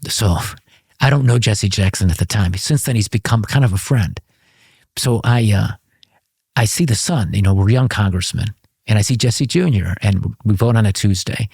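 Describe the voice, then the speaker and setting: A man with a husky, slightly breathy voice talks as an interview guest, spinning a long anecdote with plenty of energy. He stumbles, restarts, and breaks into laughter as he goes. The sound is close and dry. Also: fairly low pitch, normal speed, dry recording. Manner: animated anecdote-telling with frequent restarts and laughter; speaks the language of his father's homeland. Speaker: interview guest, former congressman. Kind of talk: storytelling in a conversational interview.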